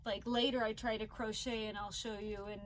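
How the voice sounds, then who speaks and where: A woman's voice: fairly high pitch, flat delivery, a little fast, a little hiss or hum, low-quality recording. Emotional, teary woman vlogger. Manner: emotional, laughs often and tears up. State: fatigued from an illness flare. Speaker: crochet vlogger. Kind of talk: casual vlog chat.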